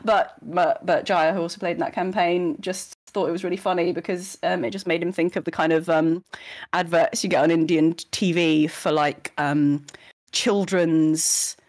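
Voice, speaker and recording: A woman's voice: on the low side, steady tone, normal speed, darkish tone. A woman guest in a casual remote interview, talking animatedly, often laughing and acting out quoted voices.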